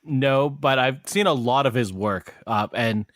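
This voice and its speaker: A man co-hosting a relaxed podcast, talking in a loose, rambling way full of ums and restarts. His voice sits in an ordinary middle register. The sound is dry and close, with no room around it. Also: mid-range voice, a little slow, no echo. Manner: rambling, lots of fillers and restarts, laughs often. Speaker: podcast co-host. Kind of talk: casual chat.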